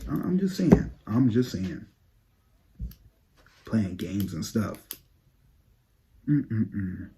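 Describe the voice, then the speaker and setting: A man giving sassy, profane gossip commentary to his viewers, dropping to low mutters and jumping up to high exclaims. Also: big pitch swings, very slow, warm tone, slight background noise. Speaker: psychic tarot channel host.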